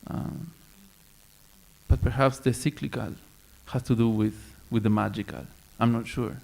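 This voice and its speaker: A man's voice: mid-range voice, steady tone, a little slow, creaky, a little mellow. A man speaking on a panel at a round-table discussion, thoughtful and hesitant, with many fillers and restarts.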